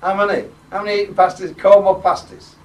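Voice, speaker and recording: A man addresses residents in a community venue. His speech is informal, teasing and blunt, and he keeps pulling the crowd into it. The sound comes from a distant microphone in an echoey room with a steady wash of background noise. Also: sits high, brisk. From Yorkshire, England. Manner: jokey, rousing, blunt, works the crowd with questions. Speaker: politician addressing local residents. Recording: roomy, distant, noisy ambience.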